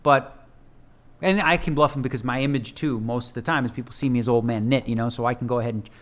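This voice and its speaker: Speaking quickly at a medium pitch, a professional poker player analyses one of his hands casually, using slang and cracking jokes in a loose style.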